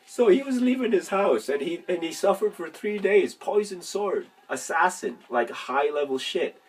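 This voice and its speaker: A man's voice: sits high, animated, normal speed, breathy edge. A man telling a religious story and ranting in a casual, profane, rambling monologue, laughing mid-sentence. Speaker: religious vlogger. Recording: distant from the mic.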